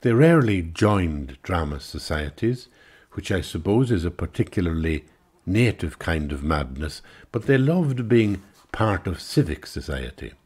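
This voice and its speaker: Irish man, author reading his memoir, low voice, lively and wry. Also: husky. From Ireland. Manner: wry, dry storytelling.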